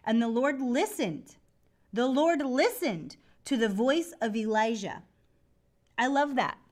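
Animated woman teaching scripture. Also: a little high, slow. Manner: laughs often, acts out scripture voices. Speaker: faith podcast host.

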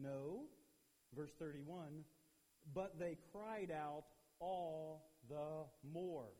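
A man preaching a youth sermon in an animated way, acting out the people he quotes, with a husky voice. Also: on the high side, slow. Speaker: youth pastor. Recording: long hall reverb.

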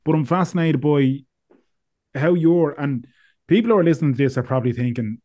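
A man's voice: a little high, a little fast, a little mellow. A man hosting a podcast, who thinks aloud in a reflective way and often stops and restarts his sentences. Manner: reflective, hesitant, with many restarts. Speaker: podcast host. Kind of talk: conversational interview.

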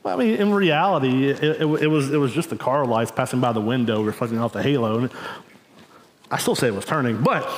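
A man's voice: mid-range voice, expressive, a little fast. A man giving a conversational sermon as preacher, telling stories informally and often checking in with the congregation with "right?" and "y'all.". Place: church sanctuary. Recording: echoey church hall with long reverb.

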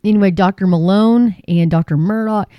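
A woman hosting a casual commentary show, talking in an indignant, sarcastic way and mocking others with sudden high jumps in pitch. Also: normal speed, dry recording, highs cut off.

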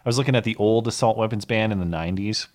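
Low-voiced man co-hosting a call-in show. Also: rapid-fire. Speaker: podcast co-host. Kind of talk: casual call-in show chat.

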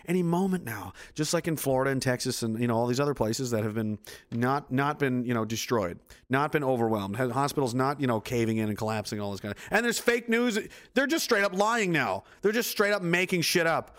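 A man's voice: mid-range voice, animated, a little fast, a bit bright. A man hosting a casual livestream, rambling, profane and sarcastic as he reads the chat. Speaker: livestream host.

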